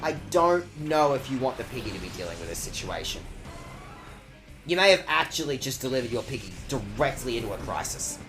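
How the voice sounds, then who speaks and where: A man's voice: medium pitch, expressive, brisk, music in the background. A man casually commentating his game stream in a playful, rambling way, swearing freely. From Australia.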